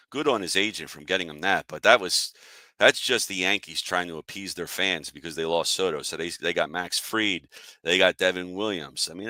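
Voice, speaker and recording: A man's voice: sits low, sharp tone, dry recording. Fired-up man ranting about sports. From Philadelphia area. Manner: annoyed, fired-up, talks to chat viewers. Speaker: sports podcast host. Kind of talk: casual sports rant.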